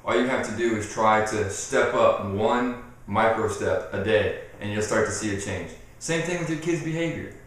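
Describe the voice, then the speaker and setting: A man giving casual parenting advice straight to camera, animated, acting out what people say and repeating himself as he goes. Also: on the low side, moderate pace, hardly any pauses. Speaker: parenting video host. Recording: very echoey room, mic off at a distance.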